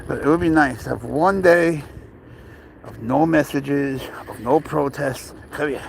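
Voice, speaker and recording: Gravelly man chatting while walking his cat. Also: on the high side, unhurried, a little hiss or hum. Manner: rambling, talks to his cat in coaxing baby talk. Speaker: pet owner live-streaming. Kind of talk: casual live-stream chat. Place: outdoors, walking near a parked car.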